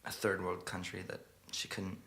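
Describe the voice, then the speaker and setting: A man performing live, telling a story in a quiet, halting way before a song. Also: deep voice, monotone, vocal fry. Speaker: singer-songwriter performing live. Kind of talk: spoken story intro over guitar. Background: guitar playing.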